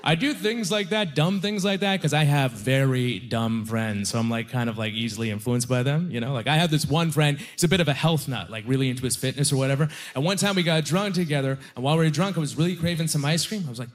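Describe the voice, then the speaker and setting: A man's voice: mid-range voice, fast talker, hardly any pauses. Young man doing stand-up. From Halifax, Nova Scotia, Canada. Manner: conversational, self-deprecating, lots of likes and you-knows. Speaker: stand-up comedian. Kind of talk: stand-up comedy set. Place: comedy club stage with a live audience.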